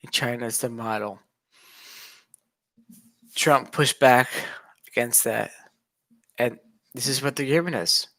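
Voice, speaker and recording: A man's voice: medium pitch, slow, long pauses, bright, forceful tone. A young man from the United States, ranting in a casual monologue, agitated and repetitive, sometimes mocking. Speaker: vlogger.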